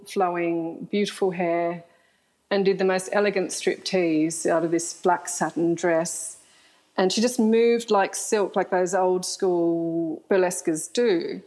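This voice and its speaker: A woman's voice: mid-range voice, darkish tone, low-quality recording. A middle-aged woman, a guest telling frank stories in an interview and laughing often. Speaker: guest, author. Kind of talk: candid storytelling interview.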